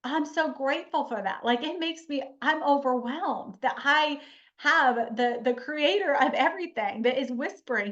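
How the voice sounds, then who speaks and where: A woman's voice: sits high, lively intonation, moderate pace. A woman giving an earnest, chatty motivational webinar talk as a life coach, repeating key lines for emphasis. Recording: slightly muffled webinar audio.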